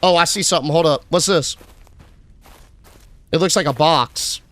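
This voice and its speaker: High-voiced young man streaming a game. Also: moderate pace, no room sound. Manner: casual, reads and answers chat, shout-outs. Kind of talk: live game stream with chat.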